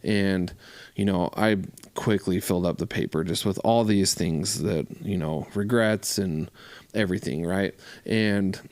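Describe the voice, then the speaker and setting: A man with a fairly low voice shares a personal story in an easygoing, conversational way. He livens up whenever he acts out what others said. The recording is dry and close, with no room echo. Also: unhurried. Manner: conversational, acts out quotes with lively voice shifts. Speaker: recovery show co-host.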